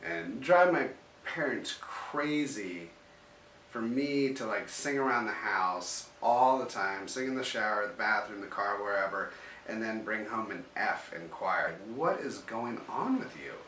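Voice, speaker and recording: A man's voice: lowish voice, unhurried, sharp tone, slight background noise. Rambling man in an echoey room. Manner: rambling, full of "like" fillers and restarts. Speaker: interviewee telling his story. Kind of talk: casual storytelling. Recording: roomy echo, mic at a distance.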